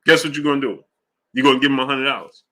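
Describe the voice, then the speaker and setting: A man's voice: mid-range voice, fast, pushed and bright. Rambling man hosting a boxing stream. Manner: loose, rambling, drifts off track. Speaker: host of a live boxing show. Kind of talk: casual livestream chat reading super chats.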